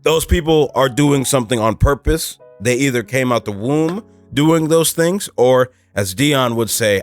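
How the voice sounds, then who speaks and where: A man's voice: medium pitch, unhurried, few pauses, faint music behind. A man hosting a motivational podcast, talking casually and emphatically with lots of fillers, pushing his voice up to stress points. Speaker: podcast host.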